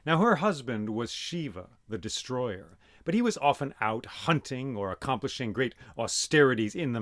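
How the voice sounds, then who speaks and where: A man telling an old myth aloud as host, dramatic and animated, voicing sound effects as he goes. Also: medium pitch, no room sound, clean studio sound. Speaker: storyteller and podcast host. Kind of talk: oral storytelling of myth.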